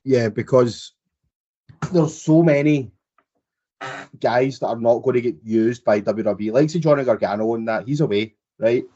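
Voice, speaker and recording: A man's voice: medium pitch, moderate pace, warm tone. A man co-hosting a casual podcast chat in a laid-back, offhand way. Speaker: podcast co-host. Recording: dull, muffled lo-fi sound.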